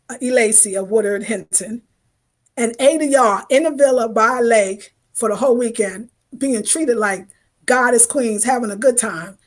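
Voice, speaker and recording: Chatty woman hosting a livestream, higher voice. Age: 50s. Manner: animated, chatty, greets viewers in slang. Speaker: lifestyle channel host. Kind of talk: casual livestream chat with viewers.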